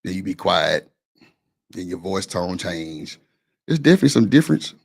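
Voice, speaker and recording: A man's voice: deep voice, sing-song, normal speed, vocal fry, husky. A man hosting a casual live-stream panel, talking in a blunt, defensive, slangy way.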